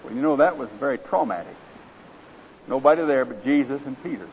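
A man's voice: medium pitch, animated, brisk. A man with an Oklahoma accent preaching a sermon, folksy and conversational, then reading a parable aloud. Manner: folksy, conversational and direct with listeners. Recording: slightly dull with faint hiss.

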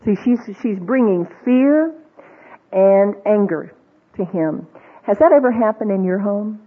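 Husky woman teaching over a tinny line. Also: mid-range voice, animated, unhurried. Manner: conversational, asks the audience many questions; acts out quoted voices, with fillers and restarts. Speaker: Bible teacher. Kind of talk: teaching talk to a women's group. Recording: tinny, phone-like old recording.

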